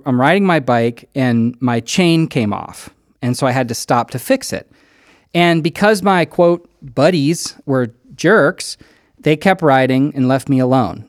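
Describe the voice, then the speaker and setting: A man preaching a sermon, telling a personal story with animated delivery and acting out quoted lines. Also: medium pitch, dry recording, studio quality. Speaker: pastor.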